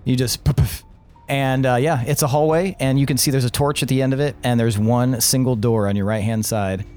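A man's voice: medium pitch, fairly quick, soft background music. A man running a tabletop game, narrating casually and laughing often. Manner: relaxed, laughing, loose. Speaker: game master.

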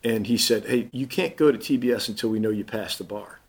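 A man's voice: fairly low pitch, brisk, slightly rough. A man in his fifties, a guest on an interview, telling his story in a casual way and acting out the voices of the people in it.

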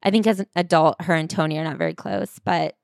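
A woman's voice: deep voice, very animated, fast, dry recording, studio quality. A woman co-hosting a casual book-review chat, talking in a loose, chatty way with lots of "like". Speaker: podcast co-host.

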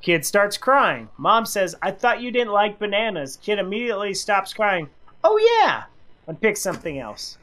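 A man co-hosting a radio show, reading funny listener anecdotes in casual chat and acting out the quoted lines with big pitch jumps. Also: lively intonation, moderate pace, hardly any pauses, sharp tone. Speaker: radio co-host.

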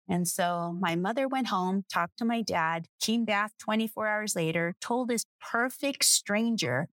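A woman's voice: medium pitch, moderate pace, few pauses, fairly bright tone, dry recording. A woman around sixty, a guest author, telling a personal story in an interview and acting out the voices she quotes.

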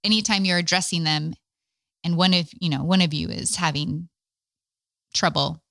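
A woman with a bright, slightly low voice shares her side on a couple's podcast. She is soft-spoken and reflective, and she often backs her husband up with brief affirmations. The recording is dry and close. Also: moderate pace, vocal fry, no room sound. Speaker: podcast co-host. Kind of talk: casual couple's podcast chat.

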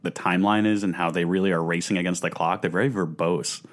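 A man co-hosting a casual podcast chat, making dry, deadpan jokes. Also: low-pitched, quick pace. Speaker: podcast co-host. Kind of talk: casual book-club chat.

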